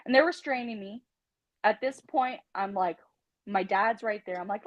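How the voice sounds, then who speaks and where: A woman, a podcast guest, telling a candid personal story in an animated way, laughing often and acting out what people said. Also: medium pitch, normal speed, dry recording. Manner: animated, laughing, acts out quotes. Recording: dull lo-fi dry sound.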